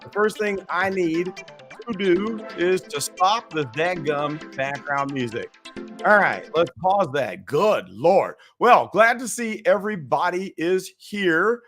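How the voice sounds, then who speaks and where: A man with a raspy voice hosting a casual political live stream, chatty and folksy, greeting his viewers. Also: sits high, expressive, slow, a bit bright, faint music behind. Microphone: webcam and computer mic.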